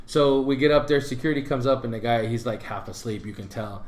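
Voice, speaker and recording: A man's voice: medium pitch, a little fast, darkish tone, reverberant. A man co-hosting a podcast, telling a story in casual chat and acting out the voices of the people in it. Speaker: podcast co-host.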